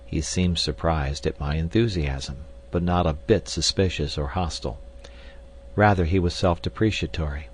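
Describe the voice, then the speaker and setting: A man narrating a classic novel in the first person, measured and dramatic. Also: sits low, husky. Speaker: audiobook narrator.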